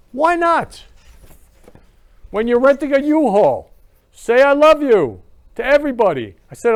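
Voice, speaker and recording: A man's voice: high voice, a little mellow. Gushing male talk-show host. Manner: effusive and repetitive, gushing about love. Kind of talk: casual talk-show monologue.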